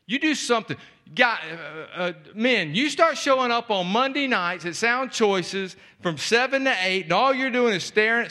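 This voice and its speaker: Impassioned high bright preaching man. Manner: impassioned preaching, repetitive emphatic phrasing. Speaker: speaker at church event. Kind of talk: sermon-style exhortation.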